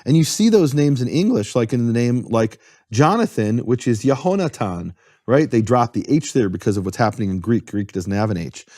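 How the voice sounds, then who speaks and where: A man's voice: mid-range voice, lively intonation, fairly quick, dark tone, no room sound, studio quality. A man giving an earnest, step-by-step explanation in a conversation, spelling out terms as he goes. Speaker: guest explaining Hebrew.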